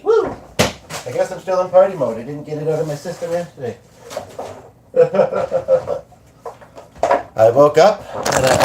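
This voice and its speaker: A Canadian man hosts a casual livestream chat, his mid-range voice set against background noise. He's playful and chatty, now and then breaking into little sung bits.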